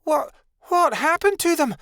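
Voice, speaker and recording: Man voicing young she-wolf, bragging, haughty, very high voice, storybook. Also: lively intonation, measured pace, a bit bright, dry recording, studio quality, full character voice. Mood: boastful. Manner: boastful, snappish.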